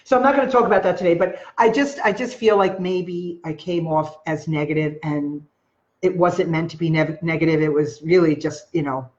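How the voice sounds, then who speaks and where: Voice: mid-range voice, steady tone, normal speed, highs cut off. A live-stream host with a Long Island New York accent, talking casually and rambling to viewers with lots of filler words and greeting them by name.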